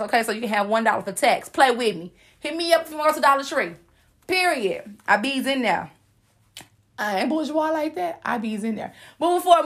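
A young woman with a high voice talks straight to her listeners in a loose, sassy advice monologue. She is playful and preachy, full of slang and teasing asides. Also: a bit bright. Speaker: host giving life advice.

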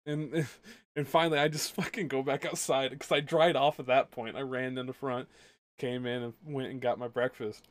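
A man's voice: a little high, fairly even intonation, fairly quick, no echo. A young man co-hosting a casual podcast, telling a school story with heavy swearing and acting out both sides of the argument. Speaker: podcast co-host. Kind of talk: casual ranting chat.

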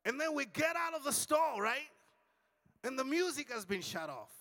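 A man preaching with a high, bright voice that leaps into shouts and then drops to a near hush. He acts out the voices in his stories and calls on the congregation to answer him. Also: normal speed, gravelly, big-room sound. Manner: dramatic storytelling with big swings between shouting and hushed tones; acts out dialogue with audience call-and-response. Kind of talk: sermon.

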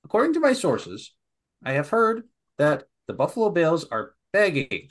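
A man's voice: fairly high pitch, huge pitch swings, moderate pace, exaggerated voice. A man putting on the voice of a TV sports insider, delivering a mock trade report in an exaggerated newscaster manner. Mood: mock-serious. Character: impression of a male TV sports insider giving a report.

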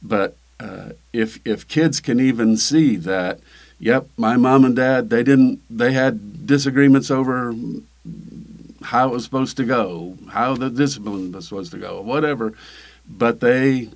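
An older man, talking as a pastor in a relaxed interview. He speaks in a halting way, with many fillers and restarts. His voice sits at an ordinary middle pitch for a man. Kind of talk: casual interview.

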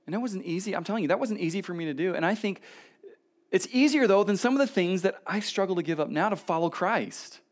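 A man in his thirties preaching a casual, storytelling sermon at a church service, swinging between emphatic lines and quiet asides. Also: high-pitched, expressive, fast. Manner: conversational storytelling, shifts between loud emphasis and soft asides. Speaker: pastor.

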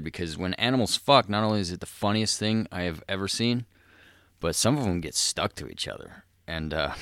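Deep-voiced man ranting crudely. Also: a bit bright, smooth, no room sound, studio quality. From South Dakota. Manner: profane, rambling, laughs mid-sentence. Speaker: podcast host. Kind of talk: crude comedic monologue.

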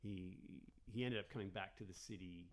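A man's voice: low voice, normal speed. A man from Canada, a comedian guest on a podcast, telling rambling stories with lots of restarts. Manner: rambling, animated storyteller with frequent restarts. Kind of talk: casual podcast storytelling.

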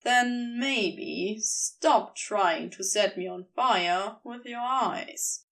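A woman voicing a sharp-tongued teenage girl skater who speaks bluntly, in a read-aloud story. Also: on the high side, extremely slow, recorded from a distance, slight background noise, exaggerated voice. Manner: blunt, snappish.

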